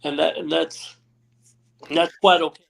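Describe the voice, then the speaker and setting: A man's voice, a touch higher than usual and rough with gravel, tells long backstage stories on a live stream call. He rambles, acts out other people's lines, and checks in with "you know what I mean" again and again. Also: flat delivery, unhurried. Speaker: retired pro wrestler, guest. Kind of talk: storytelling interview. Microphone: remote live stream call.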